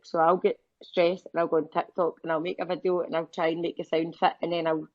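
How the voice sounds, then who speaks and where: A woman talks bluntly and emphatically, swearing freely in a casual chat. Her voice sits a little low. The sound is dry and muffled, like a lo-fi online voice chat. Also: flat delivery, fairly quick, a little mellow, dry recording. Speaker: live audio room speaker.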